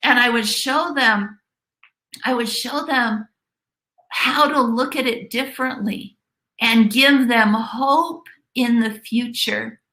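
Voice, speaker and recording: Slow, bright-voiced woman coaching. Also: a little high, reverberant, poor audio. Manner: earnest, repeats key phrases for emphasis. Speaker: life coach presenting a webinar. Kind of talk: motivational webinar talk.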